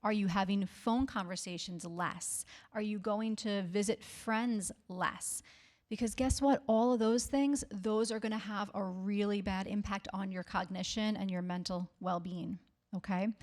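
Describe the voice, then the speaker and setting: A woman's voice: medium pitch, steady tone, unhurried, a little mellow. A woman speech therapist giving a health talk to the public, reassuring and often checking in with "okay?". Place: library talk.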